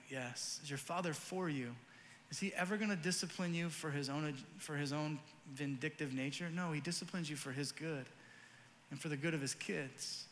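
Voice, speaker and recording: A high-pitched man with a sharp, ringing voice preaches an earnest sermon. He tells stories emphatically, and a long reverb trails every phrase, as in a large hall. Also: a little hiss or hum. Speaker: pastor.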